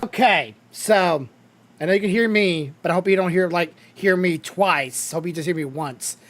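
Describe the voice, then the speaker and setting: A man's voice: high voice, normal speed, slight background noise, voice pushed up. A man speaking through a voice changer filter and thinking aloud as he tests it.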